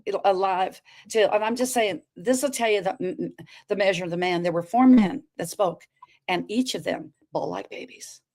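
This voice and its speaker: A woman appears as a talk show guest to tell her story, speaking at medium pitch and normal speed. She's expressive, acting out the quoted dialogue and turning to speak directly to the listeners.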